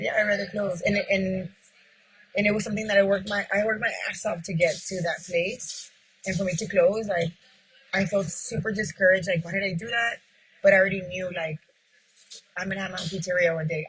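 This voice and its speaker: A woman's voice: lowish voice, a bit bright, husky, rough recording. A woman who owns a pizzeria, telling her story in an interview and acting out past conversations, with many casual "like"s. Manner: retells past talks by acting out both sides, heavy with "like". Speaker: pizzeria owner.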